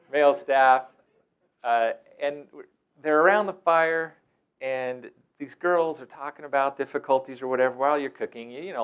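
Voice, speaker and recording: Wry, low-voiced man telling stories. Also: clear, resonant tone. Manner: casual, wry, playfully acts out quoted voices. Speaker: host. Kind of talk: anecdotal storytelling talk.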